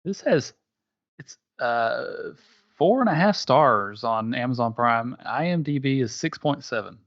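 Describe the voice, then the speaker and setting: A man runs the game with a lively, swooping voice, reading movie blurbs and keeping score between laughs. The sound is somewhat dull and lo-fi. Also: medium pitch, unhurried, no echo. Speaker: game host. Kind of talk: casual playful chat. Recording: dull lo-fi audio.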